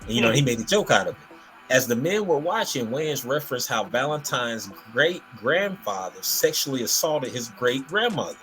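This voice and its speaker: A man's voice: mid-range voice, normal speed, soft background music. A man hosting a casual comedy podcast, retelling a story with lots of fillers and restarts. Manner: animated, rambling storytelling with many fillers. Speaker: podcast host.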